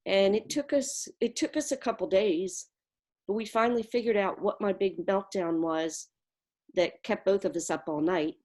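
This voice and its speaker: A woman's voice: medium pitch, moderate pace, a little mellow. A woman giving an earnest, vivid personal account on a video call. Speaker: interviewee.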